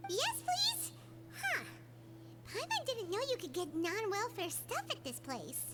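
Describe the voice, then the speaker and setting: A woman's voice: very high-pitched, big pitch swings, a little slow, full character voice. A woman voicing a small floating female companion in a video game, chirpy and greedy, who talks about herself by her own name. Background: game music.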